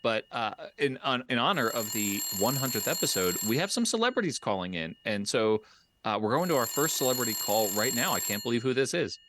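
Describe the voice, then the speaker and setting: Lively, joking podcast host man. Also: medium pitch, fairly quick, background noise. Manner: joking, teasing interviewer. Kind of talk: casual podcast chat.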